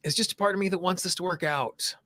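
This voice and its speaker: A man guides listeners through a tapping session, setting out calm, slow affirmations for them to repeat and breaking off for loose, chatty asides. His voice is bright and forward, and it is recorded dry and close with almost no room sound. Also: sits high, dry recording. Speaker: tapping coach.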